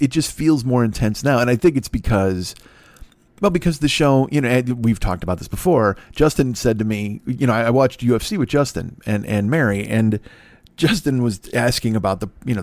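A man's voice: mid-range voice, a little mellow, no echo. Profane, rambling man on a podcast. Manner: profane, self-deprecating rambling. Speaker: podcast host. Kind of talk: solo podcast monologue.

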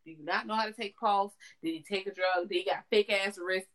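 A young woman co-hosting a podcast, talking casually with animated, profane, emphatic storytelling. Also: mid-range voice, brisk, rough recording. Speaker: podcast co-host. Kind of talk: casual chat.

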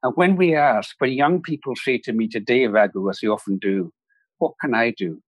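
A man, a podcast guest telling a story in a reflective, measured way. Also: mid-range voice, lively intonation, husky, no echo, poor audio. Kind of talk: storytelling in a conversation.

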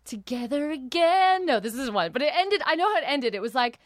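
A woman's voice: on the high side, sing-song, fast, fairly bright tone, dry recording. A young woman guest in casual podcast chat, giggly and prone to breaking into made-up song snippets.

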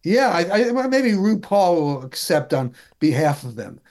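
A man talking politics in a relaxed chat, with a voice that sits a little high. He is wry and indignant and often restarts his sentences. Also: normal speed. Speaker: political commentator.

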